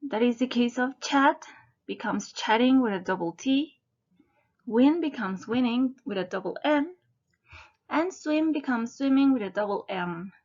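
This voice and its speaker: A woman slowly and deliberately narrating a scripted English grammar lesson, spelling out word endings letter by letter. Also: fairly high pitch, muffled recording. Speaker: English teacher.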